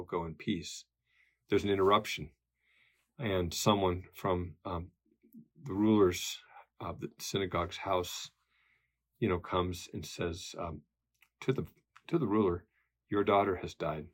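A man's voice: low voice, husky. A man teaching a Bible study lesson in a conversational way, with many fillers and tag questions.

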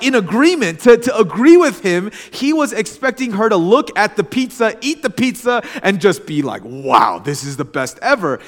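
Young guy pastor, kinda high voice, chatty storytelling sermon, big echoey church sound. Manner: chatty, animated anecdote telling. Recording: long hall reverb.

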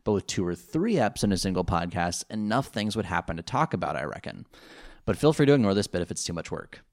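A man's voice: deep voice, big pitch swings, quick pace. A man co-hosting a casual podcast, rambling with lots of fillers and restarts. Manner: rambling, many fillers and restarts, laughs easily. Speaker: podcast co-host. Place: home.

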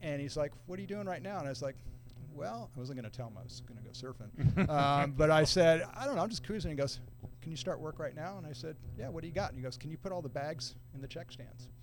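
A middle-aged man telling a long story in a relaxed, casual way, using surfer slang and acting out other people's quoted lines. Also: a little high, fast talker, few pauses. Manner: laid-back surfer talk, acts out quoted voices. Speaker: podcast guest.

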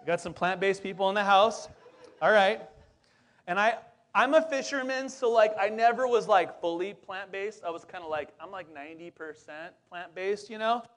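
A man's voice: high-pitched, normal speed. A lead pastor in his forties preaching a casual sermon, chatty and upbeat, talking straight to the congregation with plenty of fillers and asides.

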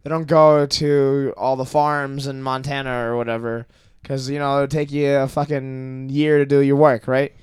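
A young man in a casual podcast chat, getting worked up and swearing as he talks. His voice is clear and resonant. It sits at a middle pitch and sounds dry and close to the mic. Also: normal speed, hardly any pauses, dry recording. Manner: animated, ranting, swears freely. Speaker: podcast guest.

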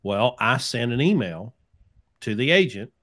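A man's voice: mid-range voice, expressive, unhurried, fairly bright tone. A man hosting a podcast, telling stories in a casual chat and acting out the people he quotes. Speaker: podcast host, trucking business owner.

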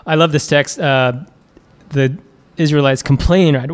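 A man preaching in a relaxed, conversational way, with a fairly high-pitched voice. He chuckles often and fills his pauses with "uh" and "um". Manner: casual, chuckling, many fillers. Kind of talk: conversational sermon.

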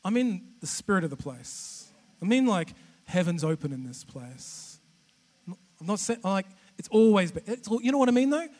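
A man with an Australian accent giving a humorous, chatty sermon as a guest preacher, animated and self-deprecating with many restarts. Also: high voice, normal speed. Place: church auditorium. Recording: long church hall reverb.

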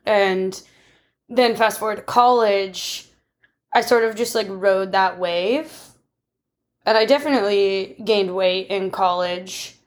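A woman's voice: medium pitch, slow. Candid, reflective woman podcast host. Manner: candid, reflective, with frequent restarts and laughs. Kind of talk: casual conversation.

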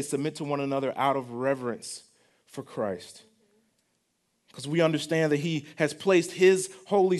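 A young adult man, preaching a sermon in a conversational style, repeating phrases and asking the congregation questions. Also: a little high. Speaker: pastor.

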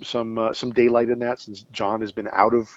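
A man's voice: lowish voice, flat delivery, moderate pace, no echo, muffled recording. A middle-aged man talking casually as an interview guest about music, thoughtful and hesitant, with many fillers and restarts. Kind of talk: casual interview over a call.

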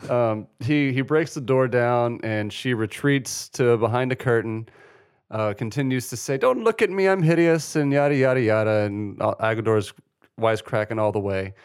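A man's voice: medium pitch, fairly even intonation, normal speed, clean tone. A man with a mid-range voice chats casually on a podcast, recapping a film with wry, joking asides. He tells the plot in a loose, easygoing way. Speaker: podcast co-host.

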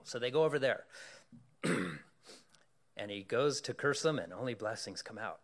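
A male pastor preaching a sermon, telling a story in an animated way and asking the congregation questions. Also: mid-range voice, normal speed, pauses often.

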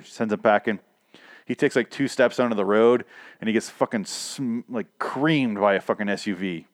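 A man's voice: on the low side, moderate pace, no echo, studio quality. A man casually recapping a TV episode, rambling and profane, laughing at his own asides.

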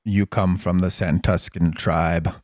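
A man voicing a composed, evasive male leader of a secret order in a tabletop game, in a smooth, guarded way. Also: low voice, steady tone, a little slow, a little mellow, no room sound.

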